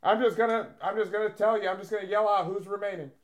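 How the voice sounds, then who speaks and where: A man co-hosting a comedy radio show, talking loudly and playfully. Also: high-pitched, steady tone, quick pace, dull audio. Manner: loud, playful yelling.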